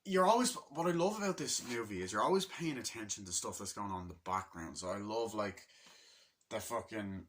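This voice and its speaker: A man's voice: on the low side, lively intonation, fairly quick, a bit bright. A man giving a casual, rambling movie review, swearing freely and loosely chatty.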